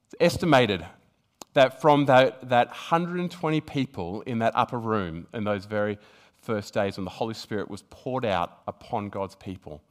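A man's voice: on the low side, moderate pace. A man preaching a sermon, speaking earnestly with frequent restarts, reading passages of scripture aloud and building to emphatic peaks. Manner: reads scripture aloud within the talk.

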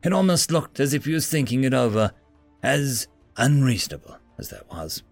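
A man narrating science fiction and fantasy stories in an expressive reading. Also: mid-range voice, normal speed, dry recording, faint music behind. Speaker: story narrator. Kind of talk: scripted story narration.

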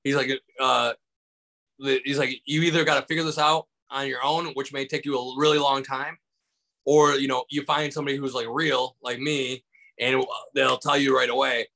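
In a low-quality recording, a Michigan comedian speaks at normal speed in a bright, forceful, medium-pitched voice with little pitch movement. As a guest in a casual storytelling interview over video call, he rambles loosely, uses lots of fillers, and acts out quotes.

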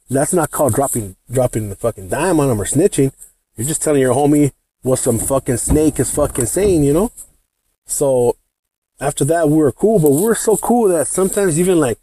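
A man's voice: medium pitch, mellow, breathy edge, no echo. A man hosting a podcast, telling a personal work story in a heated, profane, slangy way. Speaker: podcast host. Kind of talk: casual storytelling.

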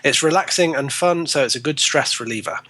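A man's voice: fairly high pitch, a little fast, sharp tone, no echo. A man guest-hosting a gaming podcast, reading a listener letter in casual chat and laughing at himself. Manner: giggly, self-deprecating. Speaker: guest co-host.

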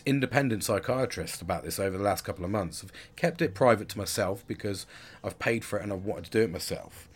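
A man's voice: lowish voice, animated, fast talker, breathy edge. A man in his forties talking candidly in a rambling personal monologue, with frequent restarts and casual swearing. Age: 40s.

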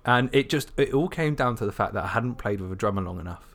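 A man's voice: on the low side, lively intonation, fast, fairly bright tone. A man co-hosting a podcast, chatting casually and jokily and laughing often. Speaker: podcast co-host and musician. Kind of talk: casual chat.

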